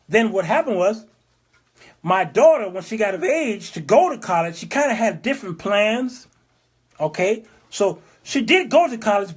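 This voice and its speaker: A man in his fifties hosting a talk show, preaching in an emphatic monologue, repeating phrases and acting out the people he quotes. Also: sits high. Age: 50s. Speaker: show host.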